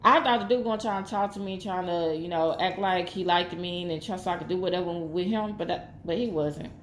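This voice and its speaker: A woman's voice: lowish voice, fairly quick, a little hiss or hum. A woman telling a personal story in casual talk, rambling and repeating herself as she acts out what everyone said. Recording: echoey room with faint ambience.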